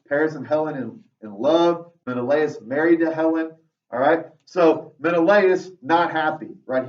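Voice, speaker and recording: Brief: male English teacher, a bit high-voiced, lecturing a class and peppering every line with "right?", heard from across a roomy classroom. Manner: tags most sentences with "right?"; lively, talks straight to students. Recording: roomy, dull classroom audio from far off.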